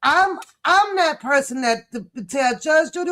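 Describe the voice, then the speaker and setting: A woman hosting a commentary channel, reading text messages aloud and reacting in an emphatic, sassy way with loud outbursts. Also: sits high, lively intonation, a little slow.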